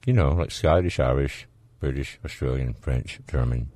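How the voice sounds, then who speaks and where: A man with a Southern US drawl hosts a call-in radio show in a casual, folksy way, trading jokes with callers. His voice sits very low. The studio sound is close and dry, with no room around it. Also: moderate pace, mellow, dry recording. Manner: folksy, joking, laughs easily. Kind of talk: casual talk radio chat. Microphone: studio microphone.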